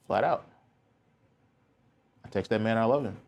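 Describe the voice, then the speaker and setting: A man's voice: on the low side, a little slow, gravelly, darkish tone. A young man hosting a podcast, telling a personal story in a candid, rambling way with lots of filler words. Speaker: podcast host.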